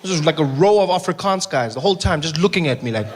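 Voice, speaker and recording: A young South African man doing a stand-up comedy set, telling stories in an animated way and jumping into high mock outrage. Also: fast talker, very noisy. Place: comedy stage before a live audience.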